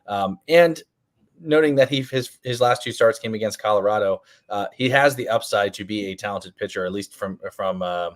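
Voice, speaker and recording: On a live fantasy baseball podcast, a male co-host with a fairly low voice takes viewer questions at a moderate pace. The conversation is casual live-stream chat, full of ums and restarts.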